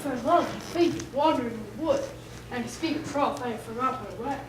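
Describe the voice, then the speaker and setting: A woman's voice: high voice, moderate pace, natural voice. A woman as an ardent young male lover. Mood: tender. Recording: echoey and noisy, from far off.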